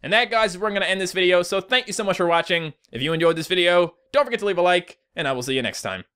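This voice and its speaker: A man's voice: high voice, rapid-fire, sharp tone, smooth. Upbeat young man from Newfoundland. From Newfoundland, Canada. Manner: upbeat, chatty, earnest. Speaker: gaming YouTuber. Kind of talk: casual comment-reading vlog.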